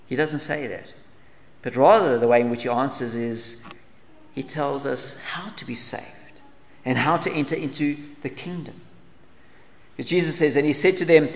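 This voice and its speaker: A man preaching a sermon earnestly, asking rhetorical questions and dropping to soft asides. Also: mid-range voice, moderate pace, creaky, long reverb tail. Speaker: pastor.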